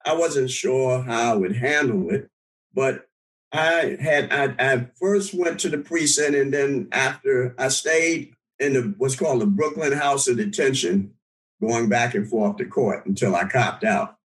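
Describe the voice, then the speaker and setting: A man's voice: medium pitch, unhurried, rough recording. Older man recounting his past. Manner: conversational, with frequent restarts and chuckles. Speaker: interviewee. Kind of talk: recalling his past in an interview.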